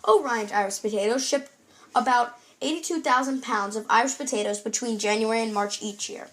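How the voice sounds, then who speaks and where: A woman's voice: on the high side, a little fast. A young woman presenting a scripted food show in an upbeat, read-aloud presenter tone.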